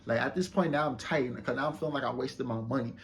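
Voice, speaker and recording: A young man telling a casual storytime to his viewers in a loose, slangy, boastful way. He keeps checking in with the listener and gets loud and excited when he retells an argument. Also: mid-range voice, quick pace, a little hiss or hum. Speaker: vlogger.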